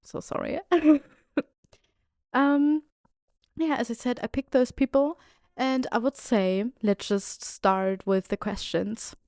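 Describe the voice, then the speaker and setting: A woman hosting a fan podcast in a casual, chatty, excitable way, often apologizing. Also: a little high, takes it slowly, no room sound, clean studio sound. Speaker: podcast host.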